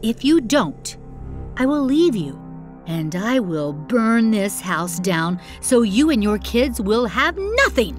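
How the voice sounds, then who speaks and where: A woman's voice: sing-song, slow pace, soft background music. Woman doing a harsh scheming stepmother. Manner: harsh and bossy, low scheming tones when plotting.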